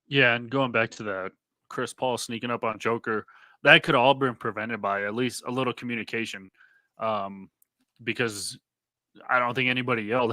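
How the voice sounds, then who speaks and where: A man's voice: medium pitch, normal speed, pushed and bright, no echo. A man co-hosting a casual sports podcast, talking in a conversational way that hedges with fillers. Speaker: podcast co-host.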